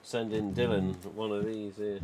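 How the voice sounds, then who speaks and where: A man's voice: on the low side, little pitch movement, moderate pace, noisy background. A man hosting a livestream, chatting casually and rambling with lots of "you know" asides. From England. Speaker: livestream host.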